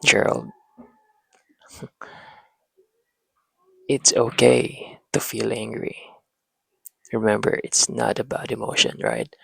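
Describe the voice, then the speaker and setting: Slow gravelly-voiced man, husky and dry. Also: on the low side, little pitch movement, no room sound, poor audio. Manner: talks to himself, pauses and restarts. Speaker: parenting channel host. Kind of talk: slow reflective monologue.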